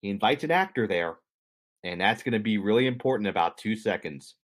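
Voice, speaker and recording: A man's voice: fairly low pitch, animated, a little fast. A man co-hosting a podcast, casually telling a history story with jokes and asides to his co-host. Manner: conversational, jokey, explains history to co-host.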